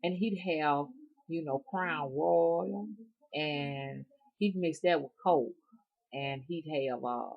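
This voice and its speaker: A middle-aged woman from the Deep South speaks in a low, homey voice with a strong Alabama accent. She rambles along in a folksy, unhurried way, addressing her viewers directly as she reminisces. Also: vocal fry, lo-fi sound. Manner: rambling, folksy, chuckling often. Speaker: rootworker vlogger. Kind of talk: casual chat to viewers.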